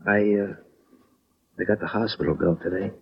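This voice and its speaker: An actor playing Joe, a proud, wisecracking clerk in a 1940s radio drama, streetwise and quick to argue. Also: male voice, lowish voice, fairly even intonation, gravelly, a little hiss or hum. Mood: rueful. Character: Joe, a scrappy working man, proud and touchy. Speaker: insurance clerk. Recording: dull lo-fi old radio recording.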